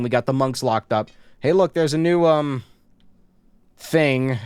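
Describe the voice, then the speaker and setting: A man plays a horror game on stream, reading the notes aloud in an even, mid-pitched voice and cracking wry jokes between them. The sound is close and dry, with no room echo. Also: a little slow, long pauses, clean tone. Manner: joking asides while reading game text aloud. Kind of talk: casual horror-game let's play.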